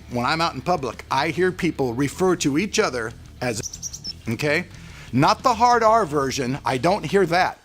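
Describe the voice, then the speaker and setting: A middle-aged man from California, hosting a casual vlog and talking earnestly and loosely, straight to his viewers. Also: high-pitched. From California, USA. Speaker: channel host.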